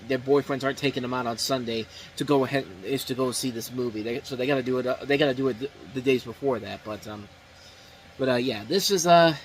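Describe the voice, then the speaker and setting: A man's voice: mid-range voice, slight background noise, poor audio. A man hosting a casual movie review show, seated, talking in a rambling way with many fillers and restarts. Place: indoors, seated.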